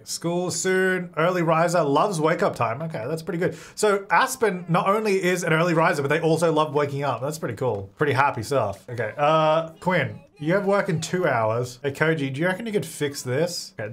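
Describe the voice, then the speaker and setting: A young man giving chatty let's play commentary, talking aloud to his game and breaking into exasperated yelling. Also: on the high side. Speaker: gaming video creator.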